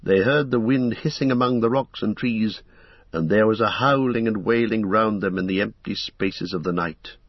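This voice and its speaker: A man narrating an audiobook in a calm, even reading voice. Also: fairly low pitch, moderate pace, dry recording. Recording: dull lo-fi recording.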